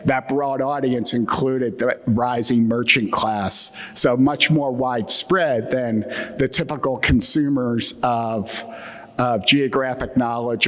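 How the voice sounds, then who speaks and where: Guy with a philly accent giving a conference talk, slow and dry-humored, long hall echo. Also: mid-range voice, fairly bright tone. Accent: Philadelphia. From Atlantic Midland United States. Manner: wry, joking lecture tone. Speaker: conference speaker.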